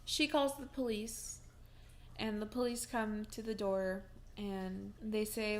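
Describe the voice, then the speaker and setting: A woman's voice: mid-range voice, fairly even intonation, slow pace, slight background noise. A young woman vlogging from home, telling a personal story in a casual, chatty way with many fillers and restarts, and breaking into laughs as she talks.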